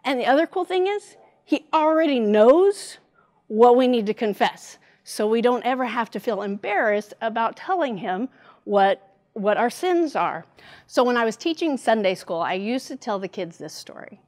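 A middle-aged woman giving a devotional church talk, telling a personal story in an animated way. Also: on the high side, normal speed. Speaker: church speaker.

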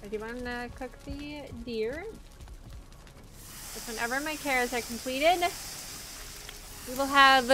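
A woman's voice: high voice, fairly even intonation, unhurried, long pauses, noisy background. A woman live-streaming a game, thinking aloud in a chatty, playful, teasing way. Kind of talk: live-stream gameplay chat.

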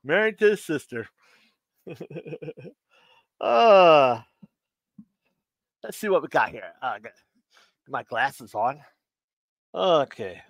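A man's voice: fairly high pitch, very animated, slow pace, gravelly, long pauses, no room sound. A man hosting a casual live stream, reading dad jokes aloud and chuckling at his own punchlines, with loose rambling asides.

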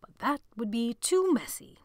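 A woman voicing a menacing teenage boy who leads a gang, shouting commands and then dropping to a cold hiss. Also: on the high side, lively intonation, unhurried, no room sound, clean studio sound, pitched above the performer's own voice.

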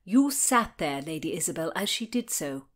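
A woman's voice: deep voice, sing-song, moderate pace. A woman voicing a loyal, exasperated Tudor lady-in-waiting who speaks firmly and impatiently. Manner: firm and impatient.

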